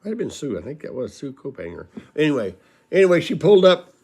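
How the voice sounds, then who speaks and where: A man's voice: a little high, big pitch swings, fast talker, darkish tone, breathy edge. Folksy rambling male storyteller. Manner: folksy, rambling, laughs at his own stories. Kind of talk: casual personal storytelling.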